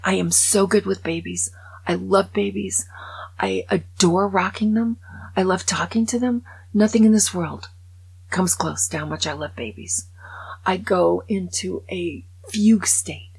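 An older woman hosting a podcast, talking in an excitable, gushing way that drops into whispers. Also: lowish voice, vocal fry, slightly rough, poor audio. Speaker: podcast host. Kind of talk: casual monologue.

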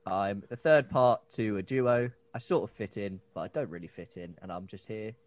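A man joining as a guest player, speaking with dry, deadpan humor. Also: fairly low pitch, moderate pace, no room sound.

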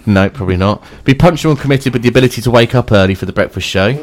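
A man's voice: mid-range voice, racing. A man co-hosting a radio show, joking around and reading a job advert aloud with lots of ums. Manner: joking, reads aloud with hesitant fillers. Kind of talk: casual radio banter.

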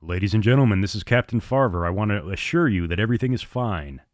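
A man voicing a gruff, commanding male airline captain who speaks in curt, clipped orders. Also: on the low side, animated, fast talker, dry recording, studio quality, lightly acted. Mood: reassuring.

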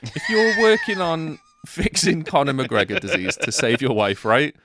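A man co-hosting a podcast, chatting casually about a film, animated and mock-outraged, swearing a lot. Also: on the high side, unhurried, no echo, clean studio sound. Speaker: podcast co-host. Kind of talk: casual film review chat.

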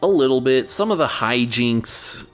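A man's voice: mid-range voice, animated, a little slow, faint music behind. A man co-hosting a podcast in casual banter, crude and rambling, with many fillers and restarts. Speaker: podcast co-host.

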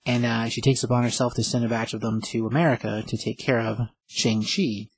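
A man's voice: medium pitch, fairly even intonation, a little fast, breathy edge, poor audio. A man casually recapping a comic book story, rambling with lots of fillers and restarts.

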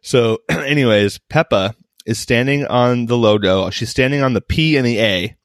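A man's voice: medium pitch, normal speed, no echo, studio quality. A man co-hosting a podcast in casual chat, joking and laughing often. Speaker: podcast co-host.

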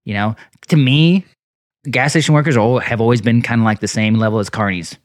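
A man tells animated anecdotes at a quick clip, swearing freely. His voice is close and dry, with no room sound. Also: medium pitch, no echo. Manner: fast, profane, animated anecdotes. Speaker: podcast co-host. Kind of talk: casual chat.

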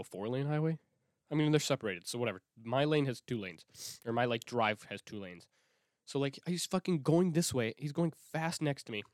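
Young male podcast host, animated swoopy delivery, dry close sound, rambling and profane. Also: medium pitch, dry recording. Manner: rambling, profane, self-interrupting with restarts. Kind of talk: casual rambling monologue.

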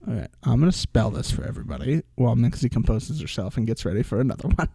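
A man's voice: mid-range voice, animated, fast, creaky, mellow, husky, no room sound, studio quality. A man co-hosting a casual recap podcast, joking and playfully spelling out names. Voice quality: playful, jokey. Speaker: podcast co-host.

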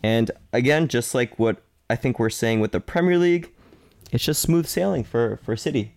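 A man's voice: medium pitch, normal speed, creaky, a little mellow, no echo, studio quality. A man co-hosting a sports podcast in casual chat, talkative and playful, often correcting himself mid-sentence. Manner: chatty, self-correcting, playful. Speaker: podcast co-host.

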